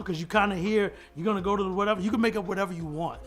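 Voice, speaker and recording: A man's voice: high voice, very fast, a bit bright, faint music behind. A middle-aged man telling a studio story in an interview clip, acting out quotes in a raised voice and laughing often. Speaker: hip-hop producer telling a studio story.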